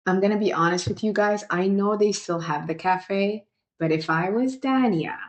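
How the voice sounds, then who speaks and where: A young adult woman hosting a casual reality show recap, talking in an animated, incredulous and opinionated way. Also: medium pitch, moderate pace. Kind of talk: casual review vlog.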